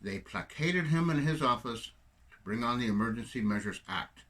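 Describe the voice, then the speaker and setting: A man's voice: medium pitch, lively intonation, normal speed, fairly bright tone. An older man from Canada giving a rambling, sarcastic solo political monologue, full of digressions. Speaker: political commentator.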